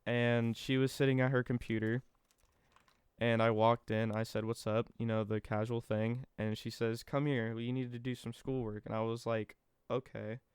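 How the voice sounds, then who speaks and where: Young man, casual story time, rambling and swearing, smooth clear voice, dry close sound. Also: medium pitch, level tone, normal speed, no room sound. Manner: rambling and profane, retelling with quoted back-and-forth. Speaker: vlogger.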